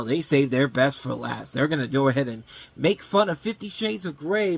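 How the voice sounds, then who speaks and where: A man's voice: mid-range voice, creaky, slightly rough. Blunt, sarcastic movie-review host, a man. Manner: blunt, sarcastic, swears freely; rambling with frequent self-corrections. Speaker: film review show host. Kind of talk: casual unscripted movie review.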